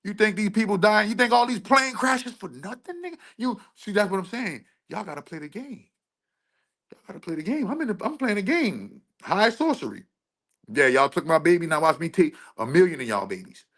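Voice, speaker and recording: A man's voice: high-pitched, sing-song, brisk, a bit bright. A man hosting a livestream, talking intensely and emphatically, often repeating and restarting his phrases. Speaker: livestream host. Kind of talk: livestream rant.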